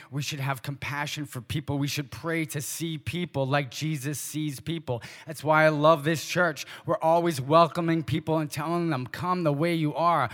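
A male pastor preaching a sermon, asking the congregation pointed short questions and dropping into quiet asides. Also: on the high side, long reverb tail.

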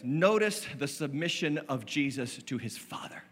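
A man's voice: a little high, expressive, normal speed, a bit bright. A male lead pastor preaching a sermon from a church stage, impassioned and emphatic, with lots of repetition. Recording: long reverb of a large hall.

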